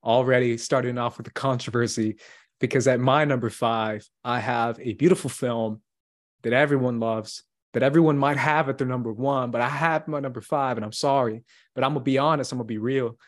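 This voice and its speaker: A man's voice: medium pitch, steady tone, a little fast. Upbeat young man ranking films. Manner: enthusiastic, ranking films with a laugh. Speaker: podcast co-host. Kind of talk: casual movie podcast chat.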